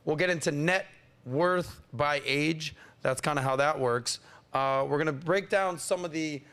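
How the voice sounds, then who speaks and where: A man hosting a podcast, energetic and playful, hyping up the audience and teasing his co-host. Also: on the high side, measured pace, clean tone. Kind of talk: hyped-up casual podcast hosting.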